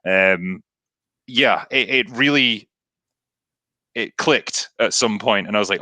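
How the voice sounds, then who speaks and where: A man's voice: on the low side, takes it slowly, long pauses, bright, forceful tone, no room sound, poor audio. A man being interviewed as a film reviewer, talking in a thoughtful, reflective way. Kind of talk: casual interview talk.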